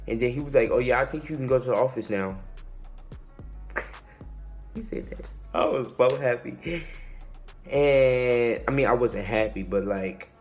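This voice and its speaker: A young man telling a casual storytime tale. He is animated and slangy, and he acts out the quotes and the shouting. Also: mid-range voice, unhurried, long pauses, faint music behind. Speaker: vlogger.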